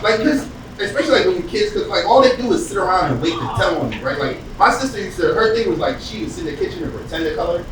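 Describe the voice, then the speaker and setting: A man's voice: high voice, lively intonation, rapid-fire. A man from the US East Coast doing a profane, conversational stand-up set and acting out characters. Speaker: stand-up comedian. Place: comedy club stage with live audience. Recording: distant echoey club recording with audience noise.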